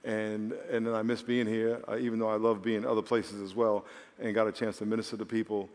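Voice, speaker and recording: A man's voice: on the low side, little pitch movement, fairly quick, a little mellow. A man preaching a sermon as the church's pastor, telling stories and building to emphatic points. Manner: storytelling, rising to emphatic preaching. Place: large church hall. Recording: long hall reverb.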